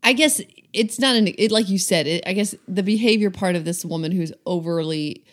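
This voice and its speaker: A woman's voice: on the low side, a little fast. A woman co-hosting a casual podcast chat, thinking aloud with hesitant restarts about parenting.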